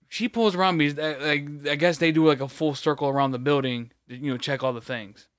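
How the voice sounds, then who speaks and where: A man's voice: fairly high pitch, fairly quick, a bit bright, dry recording, clean studio sound. A man in casual chat, rambling and swearing as he tells a work story. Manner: rambling, profane, sympathetic storyteller.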